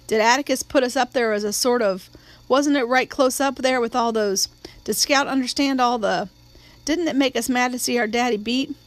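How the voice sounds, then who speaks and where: A woman narrates a novel in a steady, measured way, and her voice sits a little high for a woman. She reads it as a scripted audiobook. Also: no echo.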